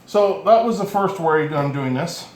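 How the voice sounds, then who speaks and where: An instrument maker and teacher with a fairly high, animated voice walks through instrument setup at a normal pace. Plainspoken, he rambles and corrects himself, caught on a camera mic in an echoey home workshop with faint ambience.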